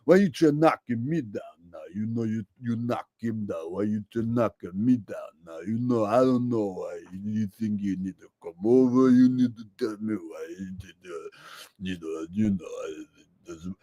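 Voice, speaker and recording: A man impersonating a tough-guy male boxer, slurring and mumbling slowly with lots of "you know". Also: on the low side, warm tone, dry recording, studio quality, voice pushed down. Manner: slow, drawling, thick.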